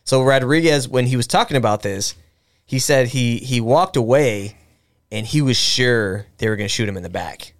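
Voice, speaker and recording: A young man with a smooth, clear voice tells a history story to his co-host in an offhand, rambling way. He fills it with ums, restarts and casual swearing, and the delivery stays conversational. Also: medium pitch, normal speed. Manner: recounts history loosely, with filler words, restarts and profanity. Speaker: podcast co-host.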